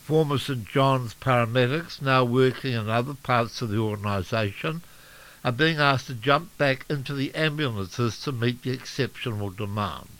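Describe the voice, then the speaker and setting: A man with a New Zealand accent delivers a local radio news bulletin. His reading is steady and measured, pitched in an ordinary middle range, with the odd small slip. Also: low-quality recording. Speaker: radio newsreader.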